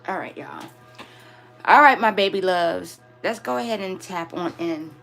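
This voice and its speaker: A woman's voice: fairly low pitch, unhurried, gravelly, a bit bright. Female live-stream host, casual and affectionate, phone-camera sound with faint music underneath. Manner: affectionate, chatty, calls viewers "my babies" and "y'all". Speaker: spiritual reader hosting a live stream.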